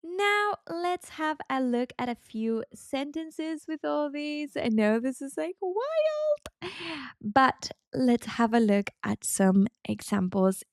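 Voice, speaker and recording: A woman teaching beginner Spanish, saying each phrase slowly and carefully and repeating it as a drill. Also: sits high, animated, dry recording, clean studio sound. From Spain. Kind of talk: beginner language lesson.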